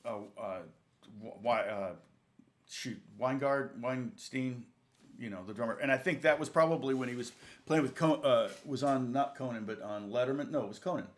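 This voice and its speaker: A man's voice: medium pitch, moderate pace. Rambling man telling a session story. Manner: rambling, self-correcting, chuckling anecdote. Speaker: guitar teacher and channel host. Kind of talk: casual storytelling in a lesson.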